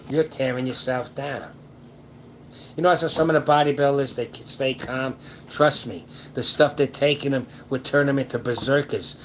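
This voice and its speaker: A man's voice: mid-range voice, a little hiss or hum, low-quality recording. Rambling older man giving folksy advice. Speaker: livestream host answering viewer questions. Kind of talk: casual late-night chat.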